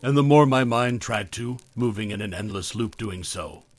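A man narrating a first-person horror story in a measured, tense storytelling manner. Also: fairly low pitch, no room sound.

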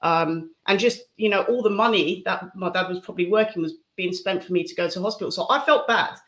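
A woman speaking candidly and reflectively as an interview guest, giving a personal testimony with soft laughs. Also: on the low side, brisk.

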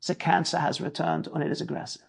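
A man's voice: a little high, flat delivery, fast talker, gravelly, breathy edge, full character voice. Grave, formal male doctor with a German accent, put on by a storyteller. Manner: formal, blunt.

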